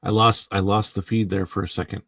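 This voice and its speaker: A middle-aged man hosting a casual livestream from home, rambling in a sleepy, unhurried way with plenty of fillers as he greets viewers in the chat. He speaks into a clip-on mic close under his face. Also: lowish voice, level tone, fairly bright tone, dry recording. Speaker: livestream host.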